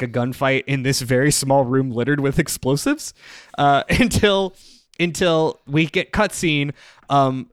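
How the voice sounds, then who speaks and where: Chatty man with a smooth voice. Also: medium pitch, fairly bright tone, no echo, clean studio sound. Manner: loose and rambling, full of fillers and laughs. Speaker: podcast host. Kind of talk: casual recap chat.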